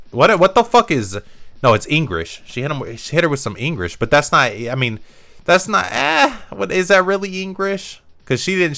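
Profane, excitable young gamer man. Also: a little high. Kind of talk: let's play commentary.

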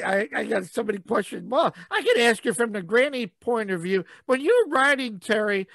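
A man hosting a podcast interview in casual chat, excitable and cursing freely. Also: sits high, vocal fry, dry recording. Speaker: podcast host.

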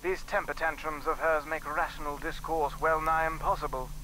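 An actor playing a well-spoken lord of a manor who speaks formally and with measured exasperation in a game. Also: male voice, on the high side, little pitch movement, bright, forceful tone, a little hiss or hum, low-quality recording. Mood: exasperated.

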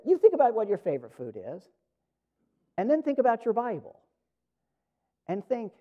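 High-voiced man preaching earnestly. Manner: earnest, emphatic, rising for emphasis and dropping to a hush. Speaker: pastor. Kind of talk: sermon. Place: church sanctuary. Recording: dull lo-fi church recording.

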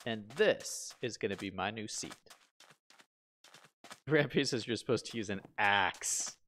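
A man's voice: fairly low pitch, measured pace, a bit bright, slight background noise. A man live-streaming a building game, chatting casually, asking himself questions and reading viewer comments aloud. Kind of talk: casual live-stream chat while playing.

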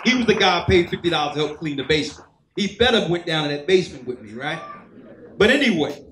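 A man with a high voice preaches a sermon, telling his own story and voicing the people in it. His voice rings through an echoey hall. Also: big pitch swings, fast, fairly bright tone, a little hiss or hum. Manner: storytelling, acts out quoted voices. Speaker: church elder preaching. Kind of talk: sermon testimony.

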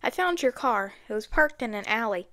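A man's voice: very high-pitched, expressive, normal speed, bright, forceful tone, no room sound, heavily acted. A woman reading an audiobook, voicing an eager young man who talks hurriedly.

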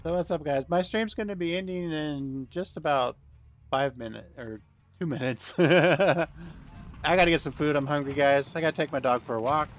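A man's voice: a little high, normal speed, slight background noise. A man hosting a casual gaming stream on a headset, greeting viewers by name and laughing often.

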